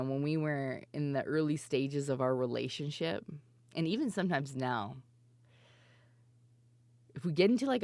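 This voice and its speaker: Casting note: young woman streamer, low voice, giggly and rambling, dry close sound. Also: no echo. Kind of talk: casual stream chat.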